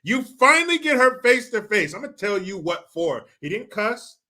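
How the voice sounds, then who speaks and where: A man rants through political commentary with a sarcastic, profane, mocking edge. His voice sits high and bright, moving slowly with wide, lively swings in pitch. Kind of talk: ranting commentary.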